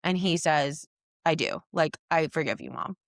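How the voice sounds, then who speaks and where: A woman's voice: deep voice, normal speed, dry recording, clean studio sound. A woman co-hosting a casual recap podcast, retelling scenes and acting out the characters' lines. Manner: animated, acts out characters' lines while retelling. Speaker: podcast co-host.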